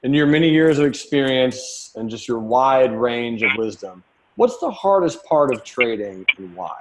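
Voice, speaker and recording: A curious man hosts a trading interview, asking his guest short, probing follow-ups. His voice sits at a middle pitch for a man. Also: animated, moderate pace, low-quality recording. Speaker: host of a trading show. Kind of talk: interview questions.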